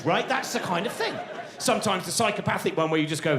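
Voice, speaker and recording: A man performs stand-up live on a big theatre stage, rambling excitably and slipping into the voices of his own thoughts. His voice sits high and leaps all over the place. The hall rings around him, with laughter from the crowd. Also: fast talker, noisy background. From England. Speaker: stand-up comedian. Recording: roomy live theatre sound. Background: audience laughter.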